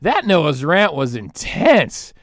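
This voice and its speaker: Alone on his podcast, a man in his thirties delivers a comedic rant, laughing mid-sentence and mocking others in put-on voices. His voice is a little high and unhurried, captured with studio quality and no room sound.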